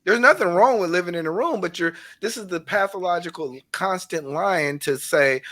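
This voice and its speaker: A man's voice: high voice, moderate pace, few pauses, bright, forceful tone. A man hosting casual commentary on a clip, emphatic and repeating words to drive each point home. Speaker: commentary host.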